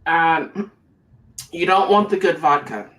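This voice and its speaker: A live-stream host talking in a relaxed, chatty way with little laughs between phrases. The voice sits at a middle pitch. It is picked up from some distance away from the microphone. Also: takes it slowly. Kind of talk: casual chat.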